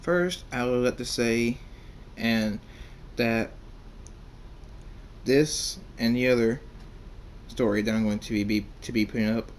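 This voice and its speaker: A man reading his own fan fiction story aloud in the first person, halting and repeating words. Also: mid-range voice, slight background noise.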